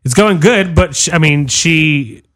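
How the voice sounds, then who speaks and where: A man's voice: fairly high pitch, unhurried. A man chatting casually on a podcast, telling stories animatedly with crude language and acted-out quotes. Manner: animated, profane storyteller acting out quotes.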